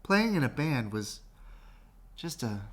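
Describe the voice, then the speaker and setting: A man voicing a gloomy young guitarist, who speaks low and quiet. Slow, heavy lines from a picture-book read-aloud. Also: sing-song. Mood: dejected.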